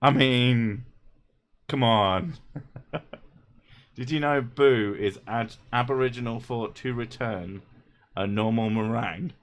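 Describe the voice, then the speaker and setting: A man hosting a casual comedic livestream, cracking jokes and swearing freely. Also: medium pitch. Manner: joking, swears freely, quick asides. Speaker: streamer host.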